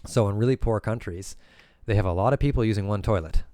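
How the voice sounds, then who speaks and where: A man's voice: on the low side, quick pace, mellow, dry recording, clean studio sound. A Nova Scotian man, a guest developer, talking bluntly with crude humor and rhetorical questions. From Canada. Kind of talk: casual chat.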